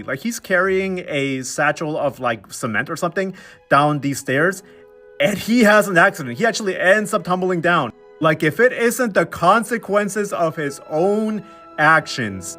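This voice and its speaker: A man's voice: on the high side, expressive, normal speed, sharp tone, faint music behind. A young man recapping a TV episode for laughs, slangy and sarcastic, slipping into mocking voices for the characters he quotes. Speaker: recap commentator.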